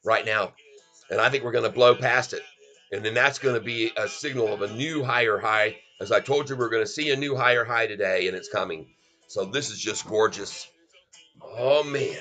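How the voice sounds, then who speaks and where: A medium-pitched, bright and forceful male voice belongs to a middle-aged stock livestream host. He delivers excited live commentary on a chart, calling out moves in exclamations and speaking to viewers as folks.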